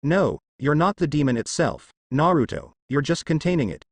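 A man's voice: a little high, very animated, moderate pace, dry recording. A man voicing a kind, earnest young male ninja teacher in his twenties in a fan story reading.

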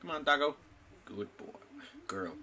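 A man's voice: a little high, lively intonation, a little slow, bright, forceful tone, slight background noise. A man casually commenting while playing a game, talking to his in-game pet and squealing when delighted. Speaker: gaming YouTuber. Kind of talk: casual let's-play commentary. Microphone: desktop mic.

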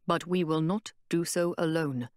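A woman voicing a calm, solemn male warrior guide who speaks in a measured, reassuring way. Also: fairly high pitch, no room sound, studio quality, pitched below the performer's own voice, lightly acted. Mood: somber.

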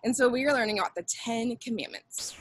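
A woman's voice: a little high, a little fast, slight background noise, low-quality recording. A young woman teaching children a Bible lesson in an upbeat way, leading call-and-response with them.

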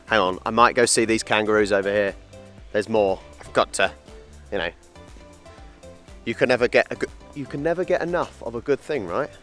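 Soft music plays behind a man with a lowish, slightly bright voice who talks a little fast. He's an English travel vlogger walking around an outdoor wildlife park and reptile house, filming and playfully chatting about the animals in a casual walk-and-talk.

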